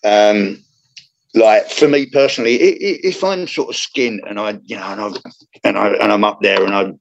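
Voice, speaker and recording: A man's voice: lowish voice, normal speed, creaky, muffled recording, slight background noise. A man, a comedian chatting in an interview, rambling with many restarts. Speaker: comedian guest. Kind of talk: casual interview chat.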